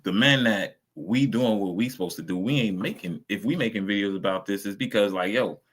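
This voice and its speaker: A man's voice: on the low side, brisk. A man, talking over videos on a casual stream. He is blunt and profane, and he rambles from point to point.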